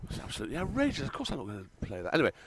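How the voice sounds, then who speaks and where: Brief: male co-commentator, rapid-fire delivery, mid-pitched, joking and teasing. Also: huge pitch swings, crowd noise. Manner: teasing, quick-witted jokes. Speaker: cricket co-commentator. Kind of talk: casual banter during live commentary.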